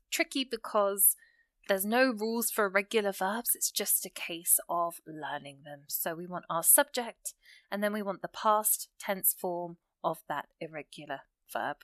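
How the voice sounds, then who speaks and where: A woman teaching an English grammar lesson, explaining rules step by step and reading out example sentences slowly. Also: medium pitch, a bit bright, dry recording.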